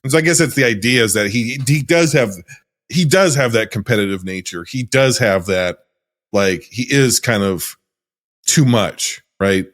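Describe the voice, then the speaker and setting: A man's voice: mid-range voice, moderate pace, a bit bright. A man co-hosting a movie podcast, talking casually and animatedly, acting out scenes and laughing often. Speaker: podcast co-host. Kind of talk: casual movie review chat.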